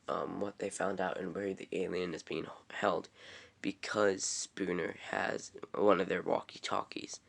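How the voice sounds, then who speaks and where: Low gravelly young man recapping casually. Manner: rambling, filler-heavy, offhand. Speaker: TV episode reviewer.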